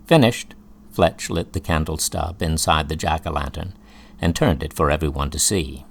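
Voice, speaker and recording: A man reading an audiobook in a slow, measured storytelling voice. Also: extremely low pitch, vocal fry, a little hiss or hum. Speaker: audiobook narrator. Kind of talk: scripted audiobook narration.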